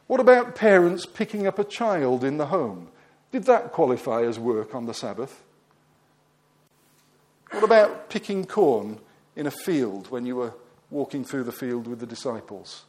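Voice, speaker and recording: A man preaching a sermon, emphatic, asking the congregation questions and letting his voice fall quiet at the ends of phrases. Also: a little high.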